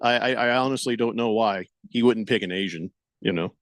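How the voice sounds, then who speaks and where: A man's voice: lowish voice, brisk, dry recording. A man hosting a casual sports radio show, reading listener comments aloud and musing on them in a wry, rambling way.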